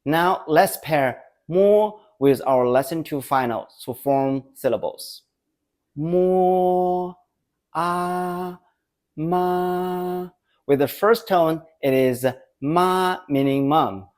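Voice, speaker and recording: A man teaching Mandarin pronunciation in a scripted lesson, saying syllables slowly and clearly and drilling them for the listener to repeat. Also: medium pitch, expressive, a little mellow.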